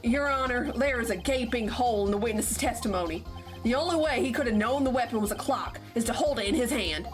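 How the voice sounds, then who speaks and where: A woman with a somewhat high voice streams a game live, reading its dialogue aloud playfully and with giggles, tossing in quick asides over the game music.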